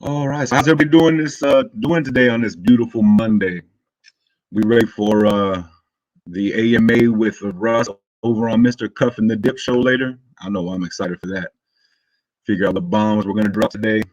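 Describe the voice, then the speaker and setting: Upbeat man with a low, dry voice. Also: fairly even intonation, moderate pace, dry recording, lo-fi sound. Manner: hyped, friendly shout-outs to chat; laid-back, loose and rambling. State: morning voice. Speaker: crypto livestream host. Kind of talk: casual livestream chat and walkthrough.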